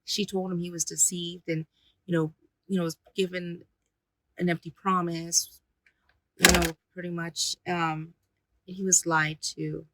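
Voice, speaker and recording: A woman, a paranormal investigator, recounting an experience in halting speech full of fillers and restarts. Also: fairly low pitch, little pitch movement, noisy background.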